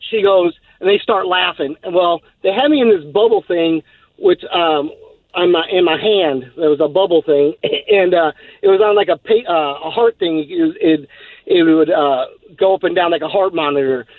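On a radio show, a male caller from Texas laughs his way through a long, rambling story packed with fillers. He sounds high-pitched and expressive at a normal speed. The tinny phone audio is dry, with no echo.

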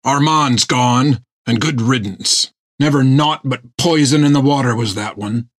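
A man voicing a gruff, stern one-legged old sailor who speaks in blunt rough seaman's dialect. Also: medium pitch, a little slow, lightly acted.

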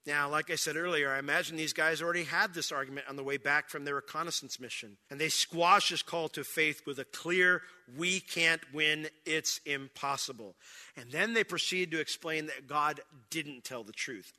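A man preaching a sermon, reading scripture aloud and breaking into dramatic shouted lines. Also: a little high, a little fast, few pauses. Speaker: pastor. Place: church sanctuary.

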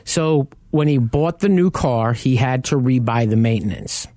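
A man's voice: medium pitch, a little slow, warm tone, no room sound, clean studio sound. A man co-hosting a talk show about buying cars, telling anecdotes in a casual way and acting out what people said. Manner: storytelling, acts out quoted people. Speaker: co-host.

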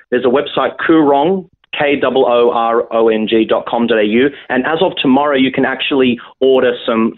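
Man on a tinny phone line. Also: mid-range voice. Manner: hesitant, many restarts. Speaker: guest actor. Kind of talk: phone interview.

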